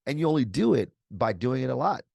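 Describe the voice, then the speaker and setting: A man's voice: medium pitch, big pitch swings, quick pace, creaky, darkish tone, no room sound. A man being interviewed as a guest author over a video call, speaking energetically and articulately with casual slang. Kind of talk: conversational interview answers.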